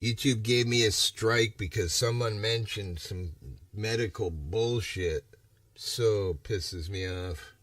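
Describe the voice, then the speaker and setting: A man's voice: fairly low pitch, slow, a bit bright, dry recording, studio quality, distant mic. A man from Massachusetts chatting on a casual livestream, rambling and ranting with a lot of swearing. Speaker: livestream host.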